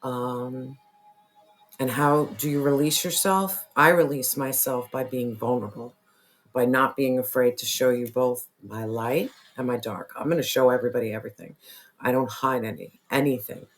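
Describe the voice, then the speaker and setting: A tarot reader losing their voice, who keeps clearing their throat and talks earnestly and repetitively straight to the viewer. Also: mid-range voice, fairly even intonation, moderate pace. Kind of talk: casual spiritual tarot reading to camera.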